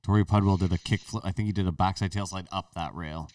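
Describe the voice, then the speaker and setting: A man on a casual podcast tells stories and needles his co-host, swearing now and then. His voice is low, and it is picked up from a slight distance in a dry, dead room. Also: steady tone, quick pace, darkish tone, no room sound. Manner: teasing, storytelling, swears. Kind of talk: casual chat.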